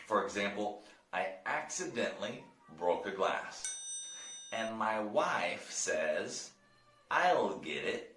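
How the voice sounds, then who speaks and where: An American man teaching English, explaining phrases and modeling them slowly for learners. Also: fairly low pitch. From United States. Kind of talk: language lesson. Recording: roomy echo.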